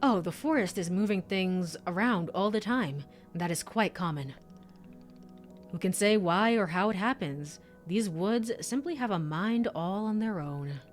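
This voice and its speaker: A woman voicing a gentle, polite male tea shop keeper from a game, speaking formally and soothingly. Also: medium pitch, lively intonation, a little slow, soft background music, natural voice. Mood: explaining. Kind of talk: reading game dialogue aloud.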